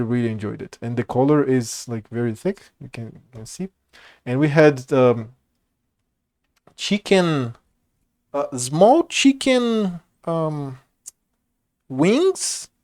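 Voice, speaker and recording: A man's voice: mid-range voice, a little mellow. A man casually chatting and rambling while streaming a game, laughing and swearing often. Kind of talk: casual gameplay commentary.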